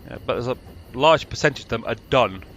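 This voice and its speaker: A British man with British English accent gives rambling, casual commentary over a train management game, dry and sarcastic throughout. His mid-range voice is expressive, a bit bright and a little fast, with a slight hiss or hum in the background.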